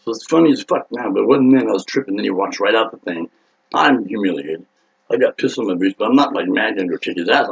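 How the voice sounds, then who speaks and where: A man's voice: fairly low pitch, vocal fry, slightly rough. A man in his fifties, a rock singer, telling a rambling, profane anecdote with laughs and acted-out voices. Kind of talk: casual storytelling. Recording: dull lo-fi sound.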